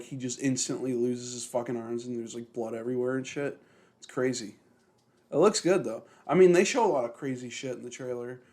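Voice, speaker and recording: A young man rambling on a casual podcast, his middle-pitched voice loose and full of fillers. He swears constantly and keeps the talk unpolished. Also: mellow. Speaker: podcast co-host. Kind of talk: casual chat.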